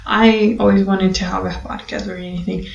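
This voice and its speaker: Gravelly-voiced woman rambling on phone video. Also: mid-range voice, flat delivery, moderate pace, darkish tone, slight background noise. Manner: rambling, full of "like" and "you know". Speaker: vlogger. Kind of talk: casual talk to camera. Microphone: phone camera. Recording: echoey, distant, dull phone audio.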